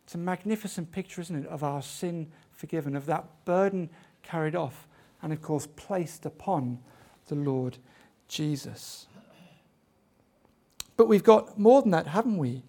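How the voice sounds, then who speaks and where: High-voiced man preaching a sermon. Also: normal speed, a little mellow. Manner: expository preaching, rhetorical questions, swells of emphasis.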